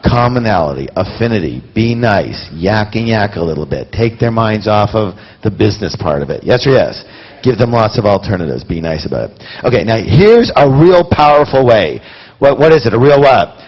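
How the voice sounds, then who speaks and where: A man's voice: lowish voice, lively intonation, normal speed, a little mellow, breathy edge, big-room sound, highs cut off. A man giving a live motivational seminar, quizzing his audience with rhetorical questions. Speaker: seminar speaker.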